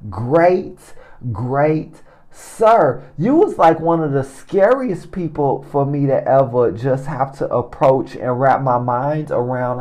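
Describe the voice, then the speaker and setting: A podcast host with a medium-pitched, slightly mellow voice delivers a casual testimony monologue into his own recording mic. He is effusive and exclamatory, repeating himself often.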